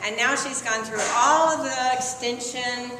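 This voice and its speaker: A woman's voice: on the high side, unhurried, noisy background. A woman emcee giving a chatty, informal introduction of the next storyteller at a live event. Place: large hall at a live evening event. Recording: echoey hall from far off, crowd murmur.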